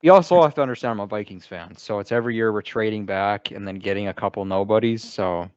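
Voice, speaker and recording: A man's voice: fairly low pitch, quick pace, a little mellow, no room sound. A man speaking as a guest on a sports podcast, chatting casually with a laid-back, offhand manner. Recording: dry, dull lo-fi audio.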